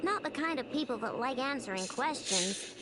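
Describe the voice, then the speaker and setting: A woman's voice: high-pitched, animated, normal speed, heavy background noise. A woman voicing a spirited young girl who runs a robot workshop, talking in an earnest, emphatic way in video game dialogue. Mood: determined. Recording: game audio over loud music.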